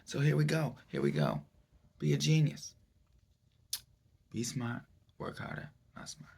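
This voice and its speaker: A man giving a mock-serious self-help lecture in a rambling, deadpan way, full of fillers and pauses. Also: mid-range voice, vocal fry, breathy edge. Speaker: comedic self-help presenter.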